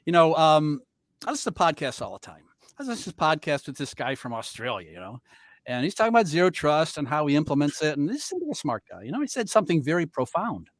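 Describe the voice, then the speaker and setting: Over a video call, a man moderates an online panel, introducing the guests with playful, teasing jokes. His somewhat high voice is fast with big pitch swings, in a studio-quality recording with no room sound.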